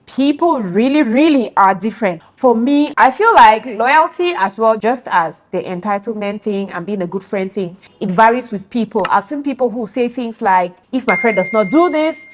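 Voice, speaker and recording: Young woman, casual talk, animated, mid-pitched voice. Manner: animated, acts out quoted friends, laughs often. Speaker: video host. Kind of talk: casual opinion monologue.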